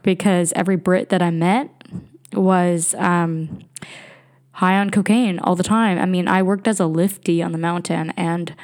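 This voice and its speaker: A woman's voice: medium pitch, a little mellow. A young woman hosting a podcast, telling a candid, rambling story in casual monologue with frequent laughs and fillers. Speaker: podcast host. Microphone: home computer recording.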